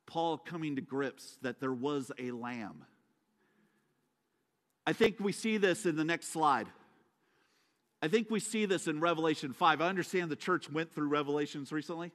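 A man's voice: fairly high pitch, unhurried, pauses often, fairly bright tone. A man preaching a sermon as a guest speaker, telling the story dramatically with joking asides. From USA. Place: church sanctuary. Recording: echoey church hall.

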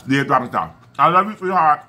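A man hosting an eating vlog, casually and affectionately giving shout-outs to his fans and stumbling over names as he corrects himself. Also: a little high, sing-song, fairly quick. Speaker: mukbang channel host. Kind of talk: casual chat to viewers while eating.

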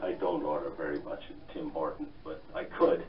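Irish-born man with a low voice and mixed accent. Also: little pitch movement, roomy sound, distant mic, muffled recording. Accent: mixed Irish, London and Canadian. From Ireland. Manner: halting, many fillers and restarts. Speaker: guest author. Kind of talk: radio interview.

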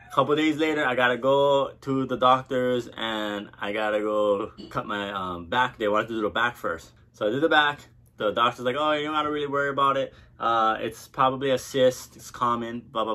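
A man from Hawaii talks to his camera in a loose, casual way, dropping swear words as he tells a story. His voice sits at a middle pitch with a bright, forward edge. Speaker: vlogger.

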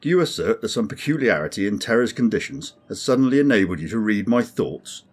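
A man's voice: on the low side, expressive, quick pace, slightly rough, voice pushed up. A man voicing a brusque, commanding male alien starship captain who demands answers. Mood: impatient.

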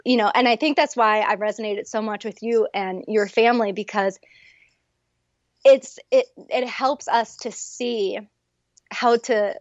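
A woman in her thirties or forties, a guest sharing her faith testimony in an animated, earnest chat. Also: fairly high pitch, a little slow, dry recording, dull audio.

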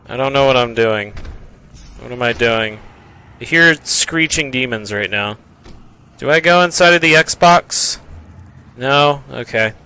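A man rambles through his own gameplay in an unhurried, playful way, taunting enemies and echoing his own phrases back in stretched-out tones. His voice is bright and forward, with a clean, smooth sound. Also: medium pitch. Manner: rambling, playful, trash-talking, repeats phrases in a drawn-out voice. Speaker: gameplay commentator. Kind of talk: casual let's-play commentary.

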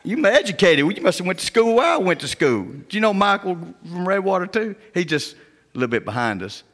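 A male pastor preaches in a folksy, down-home manner, slipping into quiet, hushed tones as he tells his stories. His voice sits on the high side for a man. The long reverb of a church sanctuary trails after his words. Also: big pitch swings, a little fast. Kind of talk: sermon.

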